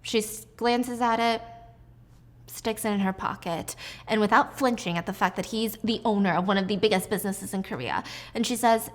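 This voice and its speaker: A woman recaps a drama story to camera in a casual, chatty voice of medium pitch. She reacts expressively to the plot as she goes. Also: moderate pace.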